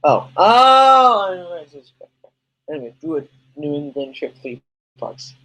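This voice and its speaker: A man with a slightly raised pitch hosts a loose, unscripted livestream podcast. He rambles in a chatty way and answers viewers' questions as they come in, over a faint background hiss. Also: normal speed, low-quality recording. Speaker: podcast host reading live chat. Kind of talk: casual livestream chat.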